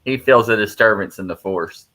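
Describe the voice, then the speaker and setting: A man's voice: on the low side, moderate pace, sharp tone. A man hosting a casual live podcast, reading listener questions and teasing his co-hosts with a playful, laughing manner.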